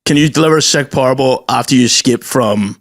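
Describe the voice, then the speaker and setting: A man's voice: mid-range voice, fast talker. A man co-hosting a podcast, riffing in rambling, jokey casual banter. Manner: rambling, jokey, riffs on ideas. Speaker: podcast co-host.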